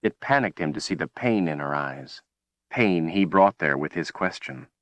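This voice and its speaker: A man narrating a fantasy audiobook with a measured, dramatic delivery. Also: deep voice, expressive, fairly bright tone, dry recording, highs cut off.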